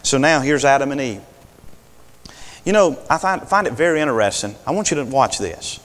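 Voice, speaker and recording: A man preaching a sermon in a folksy, animated way, calling for amens. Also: mid-range voice, normal speed, in a large hall.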